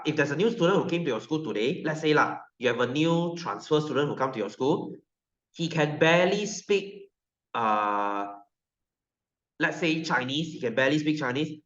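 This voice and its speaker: A male science teacher with a Malaysian English accent giving a classroom lecture, joking and constantly quizzing his students. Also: fairly high pitch. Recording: roomy, dull sound.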